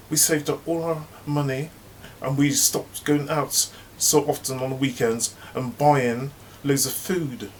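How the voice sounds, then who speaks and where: A man's voice: mid-range voice, slight background noise, voice pushed up, natural voice, poor audio. A man voicing a patient, earnest young woman who explains herself to a coworker.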